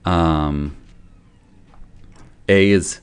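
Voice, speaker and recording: A man, a pediatrician, giving parenting advice in a casual, conversational way, gentle and loosely self-correcting as he explains. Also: deep voice, steady tone, extremely slow, clear, resonant tone. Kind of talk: casual explanatory talk to camera.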